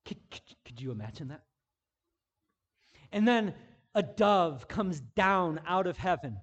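A male pastor with a high-pitched voice and lively intonation preaches a sermon a little slowly, shifting between hushed, intimate passages and loud, emphatic declarations while repeating phrases for emphasis. The sound is lo-fi.

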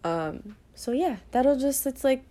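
A woman's voice: high-pitched, lively intonation, slow pace, warm tone. A nineteen-year-old woman from Brooklyn, hosting her own podcast in an unscripted monologue full of ums and restarts. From Brooklyn, New York. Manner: rambling, unscripted, many ums and self-corrections. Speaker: podcast host. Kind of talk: casual solo podcast monologue.

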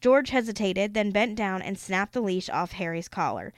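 A woman's voice: medium pitch, lively intonation, normal speed, no room sound, clean studio sound. A woman podcast host reading a book aloud, with the occasional laughing aside.

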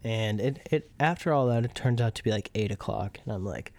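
A young man co-hosting a podcast, telling a story in casual chat, animated and profane, laughing as he goes. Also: on the low side, brisk, hardly any pauses, dry recording. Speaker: podcast co-host.

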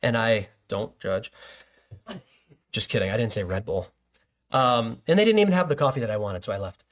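A man's voice: fairly low pitch, animated, moderate pace. A man, a pastor, preaching a sermon in a loose conversational way, with joking asides and stories.

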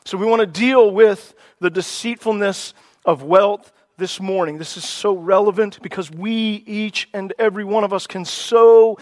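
A man's voice: high-pitched, normal speed. A male pastor preaching a sermon with growing passion, often repeating and restarting his phrases. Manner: impassioned preaching with rising emphasis.

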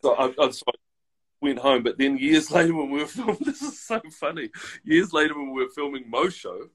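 A man telling casual, profane stories as a guest in a relaxed chat. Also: a little high, a little fast, slightly rough, rough recording. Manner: profane, laid-back anecdotal.

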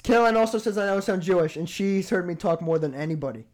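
A young man, fairly high-voiced for a man, hosts a loose podcast chat with his friends. He talks in an animated way and laughs often. He pushes back on their teasing with good humor. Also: quick pace. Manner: animated, laughing, defensive banter. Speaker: podcast host. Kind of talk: casual chat among friends.

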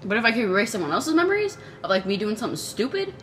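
A young woman co-hosting a podcast in casual chat, playful and giggly, often trailing off into soft mumbles. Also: on the high side, very animated, rapid-fire, slight background noise. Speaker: podcast co-host.

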